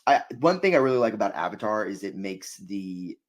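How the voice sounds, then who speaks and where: A man's voice: fairly low pitch, big pitch swings, fairly quick. A man co-hosting a casual show review, upbeat and rambling, laughing often. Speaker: podcast co-host.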